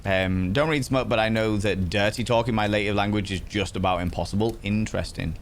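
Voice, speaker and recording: A man's voice: fairly low pitch, a little fast, a little hiss or hum. A young man hosting a livestream, chatting casually and greeting viewers by name as he reads their comments aloud. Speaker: livestream host.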